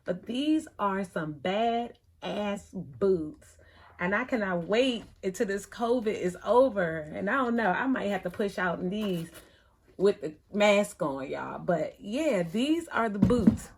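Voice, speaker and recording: A woman's voice: mid-range voice, measured pace, husky. Chatty middle-aged woman vlogger. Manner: chatty, animated retelling with quoted voices. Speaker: thrift vlogger. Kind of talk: casual storytelling vlog.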